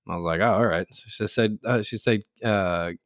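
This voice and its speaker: His lowish voice runs a little fast as he co-hosts an easygoing podcast, sharing anecdotes, laughing frequently and performing the voices of people he quotes. Dry, clean studio sound.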